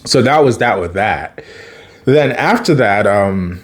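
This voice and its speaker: A man's voice: lowish voice, expressive, slow. A man casually retelling a TV episode, chatty, laughing often and acting out the characters' lines. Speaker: TV episode recapper.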